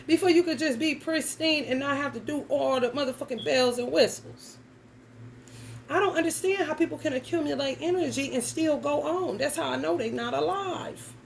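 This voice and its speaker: A woman's voice: high voice, creaky, slight background noise, poor audio. A young adult woman giving a casual tarot reading, talking bluntly and emphatically with plenty of cursing and slang. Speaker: tarot reader.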